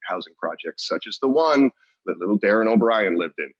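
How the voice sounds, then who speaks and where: A man's voice: lowish voice, animated, a little fast, no room sound, highs cut off. A man co-hosting a podcast in casual chat, rambling and restarting his sentences and laughing often. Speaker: podcast co-host.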